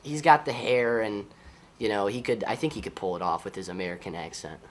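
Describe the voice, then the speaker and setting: A high school senior football player from Ohio, speaking with an Ohio accent, answers interview questions in an upbeat, easygoing way. His male voice is a little fast, and he laughs often.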